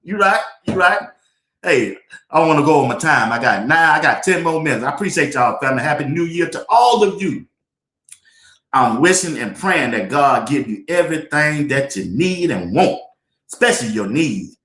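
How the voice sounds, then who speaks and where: A man's voice: a little high, big pitch swings, normal speed, a bit bright, roomy sound. A man hosting a casual sports talk livestream, joking and laughing often as he talks in folksy slang. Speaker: sports talk show host.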